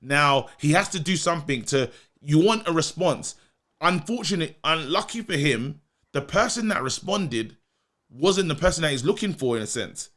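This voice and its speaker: Animated man, higher voice. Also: moderate pace. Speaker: podcast co-host. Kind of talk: casual chat.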